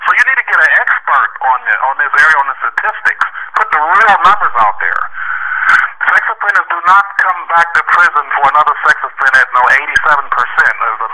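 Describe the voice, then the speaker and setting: A man's voice: on the high side, pushed and bright, rough recording. A man calling a radio show from a state hospital, emphatic and stumbling over repeated words as he argues his case. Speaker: radio caller. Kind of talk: argumentative call-in speech.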